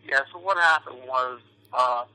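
A man's voice: medium pitch, a little slow, bright, forceful tone, rough recording. A man from New York, an actor guest chatting casually in an interview, rambling with lots of fillers and restarts.

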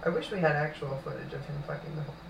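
A laid-back man with a fairly high voice chats with his friends, leaning on fillers like "like" and "um." The recording sounds distant and echoey, with clear background noise. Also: quick pace. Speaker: podcast co-host. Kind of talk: casual podcast banter.

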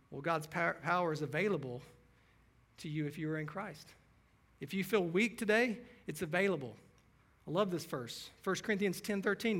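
A man's voice: on the high side, a bit bright. A man preaching a sermon as pastor, earnest, reading scripture passages aloud.

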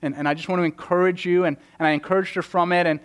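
Earnest man preaching a sermon, slightly high. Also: steady tone, very fast, clean tone. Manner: earnest, repeats words when pressing a point; acts out quoted prayers in a raised voice. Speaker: pastor.

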